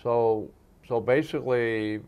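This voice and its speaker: A man's voice: mid-range voice, fairly even intonation, takes it slowly, smooth, phone-quality sound. A man interviewing an elderly veteran for an oral history project, asking hesitant, prompting questions with many restarts.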